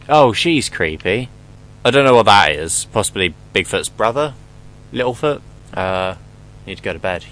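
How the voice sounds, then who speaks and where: A man's voice: low voice, a bit bright, rough recording. A young man commenting casually on a horror game as he plays, joking, swearing and yelping at scares. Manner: joking, swearing, jumpy exclamations. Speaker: gameplay commentator.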